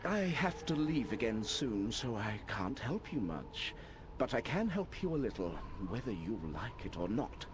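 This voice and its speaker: A man voicing a grave old male wizard in a video game, solemn and lecturing in a measured way. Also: medium pitch, big pitch swings, slight background noise. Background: game music.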